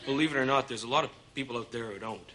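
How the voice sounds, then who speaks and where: An actor playing a smug, deadpan, ignorant male tourist doing a stand-up monologue. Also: mid-range voice, rapid-fire, very noisy, close to an everyday voice.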